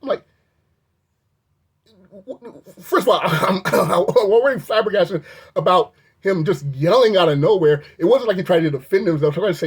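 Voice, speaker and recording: A video reviewer telling a story in a storytime commentary, talking animatedly and sounding incredulous, with the pitch jumping up when outraged. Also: expressive, fairly quick, slightly rough. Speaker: video reviewer recounting an incident.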